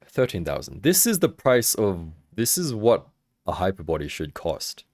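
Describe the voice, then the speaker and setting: Swearing, lively-voiced young man on a livestream. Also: sits low, normal speed, dry recording, studio quality. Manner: swears freely, laughs, chatty and expressive. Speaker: action figure livestream host. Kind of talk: casual livestream chat answering viewers. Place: home in Hong Kong.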